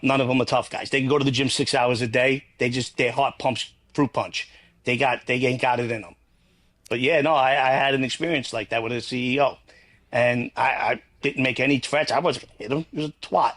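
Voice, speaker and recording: A man's voice: mid-range voice, steady tone, a little fast, fairly bright tone. Blunt, rambling man. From New York. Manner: blunt, rambling, swears freely. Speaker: guest. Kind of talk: casual interview talk.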